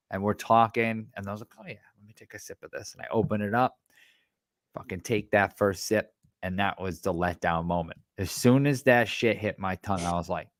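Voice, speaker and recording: A man co-hosting a podcast, telling animated everyday stories with plenty of swearing. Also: fairly low pitch, dry recording, studio quality. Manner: animated, profane anecdotes. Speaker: podcast co-host. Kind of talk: casual storytelling.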